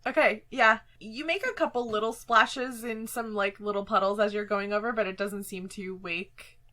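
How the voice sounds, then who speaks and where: A woman narrating as game master for a tabletop game, chatty and quick to laugh. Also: medium pitch, steady tone, bright, forceful tone. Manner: laughs often, chatty with fillers.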